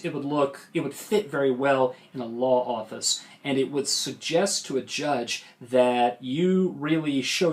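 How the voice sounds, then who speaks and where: Forensics coach, male, western US accent, measured and emphatic, mid-range voice. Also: medium pitch. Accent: western United States. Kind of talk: lecture on debate delivery.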